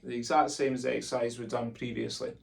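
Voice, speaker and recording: Gravelly drum teacher, distant. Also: male voice, medium pitch, level tone, fast talker, heavy background noise. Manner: encouraging, jokey, chants sticking patterns aloud. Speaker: drumming teacher. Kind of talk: instructional lesson, counting in and calling rudiments. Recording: distant mic with loud drumming behind.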